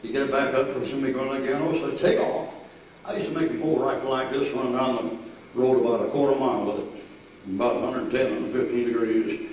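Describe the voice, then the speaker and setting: An older man preaching a sermon, telling army stories in a folksy, animated way, with sudden shouts and laughs. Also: mid-range voice, fairly quick, slight background noise. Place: church sanctuary. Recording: echoey distant church recording, dull and lo-fi.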